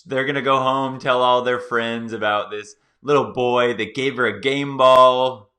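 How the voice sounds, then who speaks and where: A male host giving excited, playful reaction commentary on a clip, talking straight to his viewers. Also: medium pitch, unhurried.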